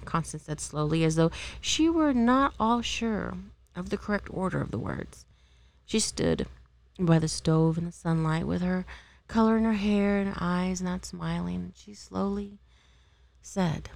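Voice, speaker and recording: A woman reads a novel aloud in an amateur, unpolished way, now and then tripping and re-reading. Her voice is low and gravelly, with a dry, close sound. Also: lively intonation, unhurried, no room sound. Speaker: amateur reader.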